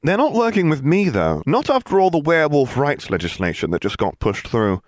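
A man voicing a gentle, weary former teacher in a storybook reading. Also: on the high side, wildly swooping pitch, fairly quick, no room sound, clean studio sound, pitched above the performer's own voice. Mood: mild.

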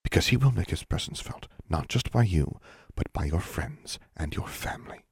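A man voicing a stern female school dean in an audiobook, speaking quietly and earnestly. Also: deep voice, animated, moderate pace, vocal fry, breathy edge, dry recording, studio quality, full character voice.

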